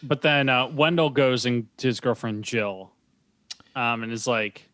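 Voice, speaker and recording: Male podcast host, middle pitch, dead-dry recording, relaxed storyteller. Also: measured pace, no echo. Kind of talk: casual chat.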